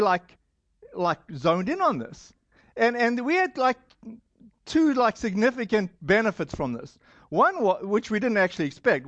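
High-voiced preacher with a foreign accent. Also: male voice, a bit bright, no echo. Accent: non-American. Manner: loose, rambling, many fillers. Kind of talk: sermon to a congregation. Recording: dull lo-fi sound.

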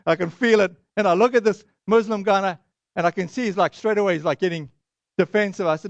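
A man with a high voice preaching a sermon, moving between Bible verses, a lively story and quiet prayer. He talks in an animated way and acts out the voices he quotes. The sound is dry and slightly dull, with no room echo. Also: fairly quick. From Boston area.

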